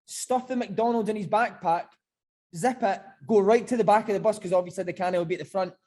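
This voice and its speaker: Animated man telling football stories. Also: high voice, a little fast. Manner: animated, swearing, keeps saying mate. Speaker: podcast host, ex-footballer. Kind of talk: casual chat and storytelling.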